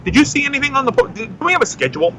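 A man's voice: very high voice, very animated, a bit bright, slight background noise, rough recording. A man hosting a live radio broadcast from an outdoor festival booth, joking and teasing his co-hosts. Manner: joking, teasing, quick to laugh. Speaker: radio host.

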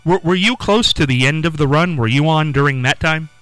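A man interviewing a guest, asking questions in a halting way that repeats words. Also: fairly high pitch, fairly bright tone, clear, resonant tone, no room sound, faint music behind.

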